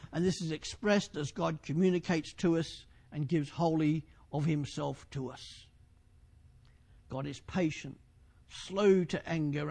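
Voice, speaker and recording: A man's voice: a little high, gravelly. A middle-aged man preaching a sermon with fervor, repeatedly putting questions to his listeners.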